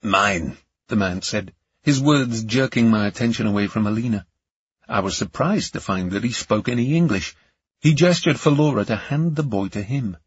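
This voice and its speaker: A man's voice: medium pitch, expressive, normal speed, slightly rough, dry recording, muffled recording. A man reading a thriller audiobook aloud in a tense, gripping narration.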